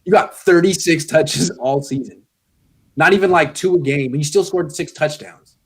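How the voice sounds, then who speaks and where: A man with a fairly high voice chats on a sports podcast. He talks to players as if they sat across from him, blunt and sarcastic as he hands out grades. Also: moderate pace, slightly rough. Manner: blunt, sarcastic, grading players as if addressing them. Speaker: guest sports commentator. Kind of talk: casual podcast chat.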